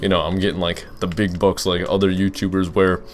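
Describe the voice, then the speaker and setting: A man's voice: low-pitched, level tone, a little fast. A young man who makes gaming videos, answering viewer questions while playing, rambling with lots of fillers and restarts. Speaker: gaming YouTuber. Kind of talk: casual Let's Play commentary with Q and A.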